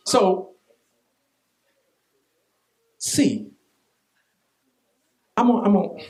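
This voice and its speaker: A man preaching a sermon as pastor, telling a personal story in an animated, repetitive way with vernacular asides. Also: sits high, very slow, faint music behind.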